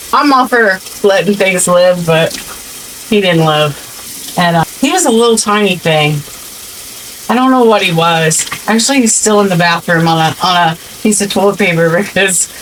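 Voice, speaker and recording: A woman's voice: medium pitch, fairly bright tone, a little hiss or hum, poor audio. Chatty sarcastic woman in her fifties. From American Midwest. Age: 50s. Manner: sarcastic, chatty storyteller with frequent restarts. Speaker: vlogger. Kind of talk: casual chat while doing chores. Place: home kitchen.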